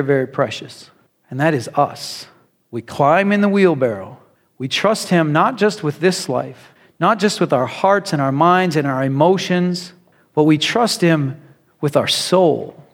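A man preaches a sermon and tells stories in a conversational, animated way. His voice sits high. The sound has a long reverb, as in a big hall or church. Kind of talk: sermon with storytelling.

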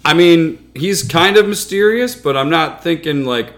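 A man's voice: on the high side, animated, a little slow, a bit bright. A man co-hosting a podcast, chatting casually over beers in a rambling, joking way and laughing often. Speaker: podcast co-host.

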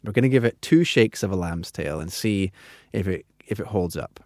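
A man's voice: sits low, expressive, normal speed, no echo, clean studio sound. A man hosting a chatty podcast, hesitant and laughing often. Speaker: podcast host. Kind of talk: casual chat.

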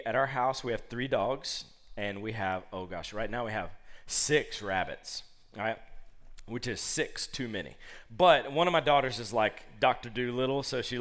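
A man in his thirties preaching a sermon, talking casually and acting out quotes with lively voices while telling family stories. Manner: animated, conversational, acts out quotes in high voices.

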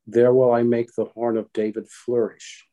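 A man reciting alternate psalm verses in a responsive morning prayer, in a steady, solemn way. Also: mid-range voice, moderate pace, muffled recording. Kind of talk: liturgical responsive reading.

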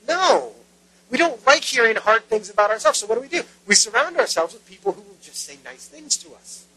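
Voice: mid-range voice, pushed and bright, poor audio. A pastor giving a sermon in a conversational way, retelling a story with rhetorical questions.

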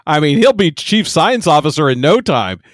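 A man co-hosting a podcast, trading sarcastic jokes and quick agreements in casual chat. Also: a little high, big pitch swings, no room sound, clean studio sound. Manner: sarcastic, joking banter. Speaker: podcast co-host.

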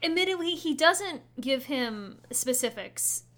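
A woman co-hosting a casual anime recap chat, chatty and quick to laugh. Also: high-pitched, lively intonation, fairly bright tone. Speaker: podcast co-host.

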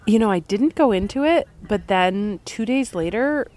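A woman's voice: medium pitch, animated, moderate pace, darkish tone. A young woman hosting a podcast with a head cold, chatting casually in a rambling, playful way with lots of giggles and wordplay. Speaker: podcast host. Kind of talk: casual chat.

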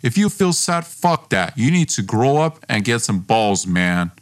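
A man's voice: medium pitch, big pitch swings, a little slow. A man reading the lines of a hot-tempered, domineering young man in a story podcast, blunt, scornful and swearing. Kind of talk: read dialogue in a story podcast.

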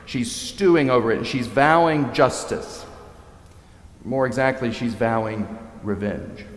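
A man preaching a sermon, telling a story in a lively way and acting out the characters' lines. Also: medium pitch, a little slow. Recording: echoey hall.

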